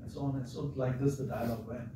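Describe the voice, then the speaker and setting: A man's voice: mid-range voice, little pitch movement, quick pace, warm tone. Man lecturing in an echoey hall. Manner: conversational, keeps checking with the audience. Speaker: visiting lecturer. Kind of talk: devotional storytelling lecture. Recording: echoey hall, far from the mic, audible noise.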